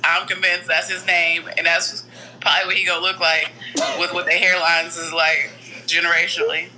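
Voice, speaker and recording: A woman's voice: on the low side, flat delivery, moderate pace, a crowd in the background, low-quality recording. A woman co-hosting a casual chat, blunt and joking, full of opinions.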